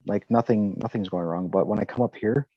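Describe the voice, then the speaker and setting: A very deep-voiced man of forty tells a personal story in a halting, emotional way, full of stammers and restarts. The sound is dull and lo-fi, with a dry, close feel and no room around it. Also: dry recording. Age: 40s. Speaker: healing session client.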